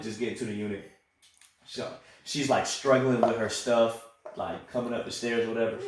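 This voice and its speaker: A young man, a soldier, telling a story casually and acting out the voices of the people in it. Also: medium pitch. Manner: animated, acts out quoted voices. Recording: echoey room.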